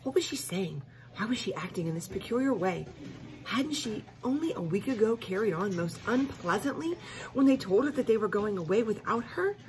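Expressive woman reading a kids' book. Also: fairly high pitch, slight background noise. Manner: expressive, stops to explain to listeners. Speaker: reader. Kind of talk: reading a children's book aloud.

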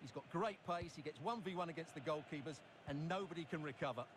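A man with a somewhat raised voice talks quickly through football tactics as co-commentator. Game noise is clearly audible behind him. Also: on the high side. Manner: measured tactical explanation. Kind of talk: football analysis.

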